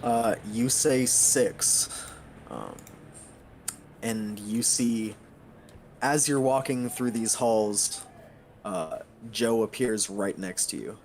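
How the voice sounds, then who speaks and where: A man running a tabletop game as game master, his voice low and gravelly. He narrates slowly and unhurriedly, his pitch moving a lot, and he pauses on fillers. Faint ambient noise sits under him. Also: darkish tone. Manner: slow, halting narration with many fillers.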